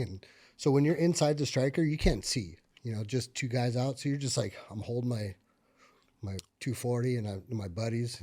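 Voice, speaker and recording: A man of middle pitch tells his war stories as a podcast guest, loose and conversational. He swears freely and leans on fillers. When he relives the tense parts he gets louder and more animated. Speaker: podcast guest, military veteran. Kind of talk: casual conversational storytelling.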